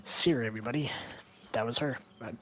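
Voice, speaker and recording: A young man giving casual gameplay commentary, rambling and thinking out loud, often dropping to a hushed voice. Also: medium pitch, fast talker, slight background noise. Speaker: gaming video creator.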